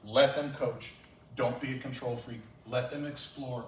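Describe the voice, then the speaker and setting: A man's voice: medium pitch, steady tone, unhurried, slight background noise. A male track and field coach giving a conference talk, telling emotional stories from his coaching. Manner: emotional storytelling. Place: clinic session room. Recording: roomy hall from a distance.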